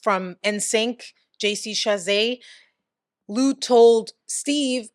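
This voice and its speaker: A woman's voice: on the high side, drawn-out words, dry recording, clean studio sound. A woman giving casual commentary in a vlog, chatty, swearing now and then, and reading quotes aloud. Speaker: commentary vlogger.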